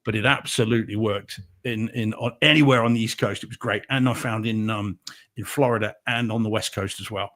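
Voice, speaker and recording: A man's voice: on the low side, steady tone, a little fast, fairly bright tone. A man with an English accent, co-hosting a casual podcast chat and laughing often. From England. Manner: chatty, laughs often, frequent restarts. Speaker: co-host.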